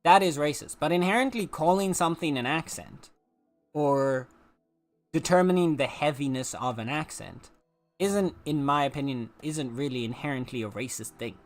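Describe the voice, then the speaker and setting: A man's voice: a little high, moderate pace, soft background music. South African man, chatty and rambling. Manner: rambling, many filler words and restarts. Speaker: streamer. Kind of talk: casual opinion chat while gaming.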